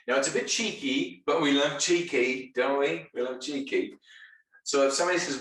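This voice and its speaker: Energetic male sales trainer in echoey room. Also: mid-range voice, normal speed, far from the mic. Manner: enthusiastic, playful, direct. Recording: echoey room, voice set back.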